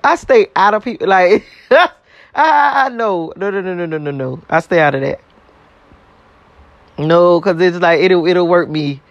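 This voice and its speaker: A man's voice: sits high, a little slow, no echo, dull audio. A man in a casual, blunt, profane rant to his viewers, repeating himself and laughing between points. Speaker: vlogger.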